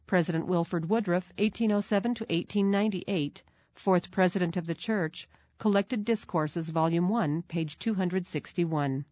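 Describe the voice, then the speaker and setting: Woman narrator for a children's story, low voice, measured delivery, dull, dry recording. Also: warm tone, dry recording.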